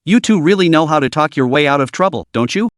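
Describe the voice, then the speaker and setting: A woman's voice: deep voice, animated, quick pace, no echo, studio quality. A man reading a sneering, scheming businesswoman. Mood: scolding. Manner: mocking, sarcastic. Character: scheming, sneering young woman executive. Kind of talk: recap narration role-reading.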